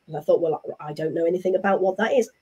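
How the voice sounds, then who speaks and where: Chatty English woman, mellow voice. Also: lowish voice, rapid-fire, slightly rough. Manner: animated, chatty storyteller who acts out what others said. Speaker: interview guest. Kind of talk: casual conversational storytelling.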